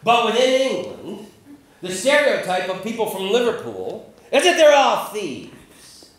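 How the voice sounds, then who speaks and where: High, lively male stand-up comedian. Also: a little slow. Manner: chatty, teasing, profane. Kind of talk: stand-up comedy set with crowd work. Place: live comedy venue. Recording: echoey room, far from mic, noisy.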